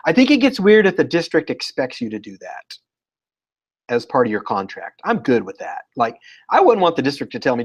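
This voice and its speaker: A man talking as a guest educator in a casual interview, telling lively stories and acting out what people said. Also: mid-range voice, a little fast, breathy edge, muffled recording. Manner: animated storyteller, acts out quotes.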